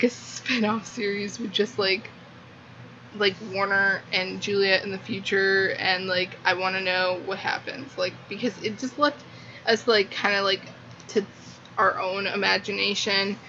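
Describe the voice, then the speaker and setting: A woman's voice: medium pitch, pushed and bright. A young woman gushing through a casual book review, peppering almost every phrase with "like". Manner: gushing, filler-heavy, lots of "like". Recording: muffled lo-fi with faint hiss.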